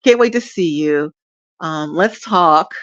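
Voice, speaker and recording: A woman's voice: sits low, expressive, slow pace, fairly bright tone, no echo, muffled recording. A woman, talking in a rambling, upbeat vlog style and laughing often, recorded lying down at home on a phone or webcam. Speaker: traffic reporter and streaming host. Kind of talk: casual direct-to-camera vlog.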